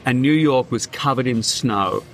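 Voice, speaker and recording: A man's voice: medium pitch, measured pace, slight background noise. A man, a comedian and podcast guest, telling vivid, theatrical food stories in casual chat.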